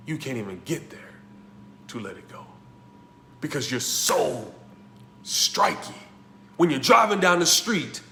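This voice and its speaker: Man, motivational coach, slightly high voice, emphatic, repetitive, hushed then loud, echoey room. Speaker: life coach teaching a masterclass. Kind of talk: motivational class talk.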